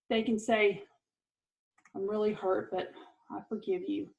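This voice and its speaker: A woman's voice: medium pitch, unhurried, darkish tone, low-quality recording. A middle-aged woman giving an earnest, encouraging parenting lesson, with light laughs. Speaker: parenting course presenter.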